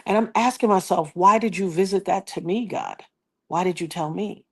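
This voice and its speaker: A woman's voice: lowish voice, moderate pace, husky. A woman in her fifties telling a personal story in a casual livestream, acting out the voices of the people she quotes and talking about prophecy like a preacher. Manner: animated retelling, acts out quoted voices; preachy, talks of prophecy and God.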